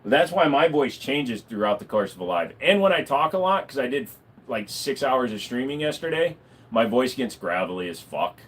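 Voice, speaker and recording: A man talking casually to viewers on a livestream, rambling and swearing freely. His pitch swings widely as he talks, around a middle register. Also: normal speed. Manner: animated, swearing, rambling with fillers. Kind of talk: casual live-stream chat.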